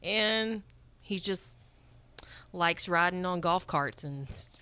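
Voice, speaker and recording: A woman's voice: lowish voice, takes it slowly, bright, forceful tone, slight background noise. A woman from Georgia co-hosting a radio station's chat show, who talks in a giggly, playful way. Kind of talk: casual studio chat.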